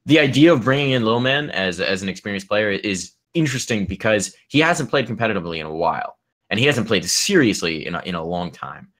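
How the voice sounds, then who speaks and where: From a home room where an air conditioner runs, another esports podcast co-host talks in a casual, thoughtful, rambling way full of fillers and restarts. His voice sits on the low side, a bit bright, animated and brisk.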